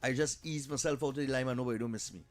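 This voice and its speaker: A Trinidadian man hosting talk radio, telling a comic story in an animated way and repeating "boy" and "eh" a lot. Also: medium pitch, racing, faint music behind. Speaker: radio show host. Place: radio studio.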